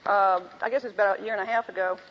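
A woman's voice: medium pitch, steady tone, racing. A woman teaching a women's group, telling a story and acting out both sides of the conversations. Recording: dull lo-fi recording in a reverberant hall.

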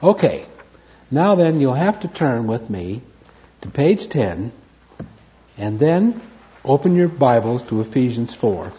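A man leads a Bible study lecture, leaning hard on key words and repeating them for his listeners. His voice is mellow and dark, rising and falling with lively swings in pitch. The recording sounds dull and lo-fi. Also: slow pace, long pauses. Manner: emphatic, repeats key words, asks and answers his own questions. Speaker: Bible teacher.

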